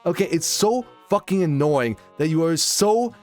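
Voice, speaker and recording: A man's voice: a little high, lively intonation, normal speed, darkish tone, faint music behind. A man ranting sarcastically and swearing as he reacts to a podcast. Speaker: commentary host. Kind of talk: reaction commentary.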